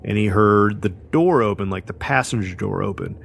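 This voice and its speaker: A man's voice: lowish voice, normal speed, creaky, very noisy. A man co-hosting a podcast, telling a story casually with lots of fillers and restarts. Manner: rambling, many fillers and restarts. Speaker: podcast co-host.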